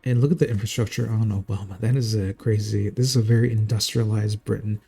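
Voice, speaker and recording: A man's voice: on the low side, fairly even intonation, fast talker, creaky, mellow, slightly rough, soft background music. A man casting a strategy game live in a casual, jokey, chatty way. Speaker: game caster.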